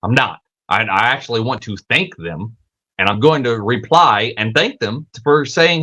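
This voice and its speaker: A man hosting his own podcast, talking in a casual, animated monologue. He swears freely, stumbles over repeated words and acts out the voices he quotes. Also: unhurried. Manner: acts out quoted voices with big pitch jumps. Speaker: podcast host.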